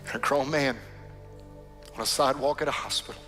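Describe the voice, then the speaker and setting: A man's voice: mid-range voice, fairly even intonation, a little fast. A pastor, a man, telling a story in an earnest, emphatic sermon in a church sanctuary. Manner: earnest, emphatic, softening to near-whispers at tender moments. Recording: long hall reverb with soft music behind.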